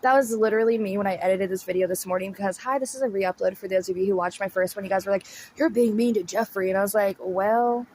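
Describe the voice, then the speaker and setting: A woman's voice: medium pitch, racing, few pauses, darkish tone, a little hiss or hum. A woman chatting casually and laughing often as she comments on a clip. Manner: chatty, giggly, slangy. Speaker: commentary YouTuber.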